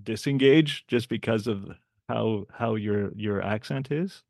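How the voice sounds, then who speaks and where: Guy hosting a podcast, gravelly mid voice, dry close mic, asks stuff slowly with lots of "um". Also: fairly low pitch, no echo. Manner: hesitant, gentle questions. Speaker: podcast host. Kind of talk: casual interview.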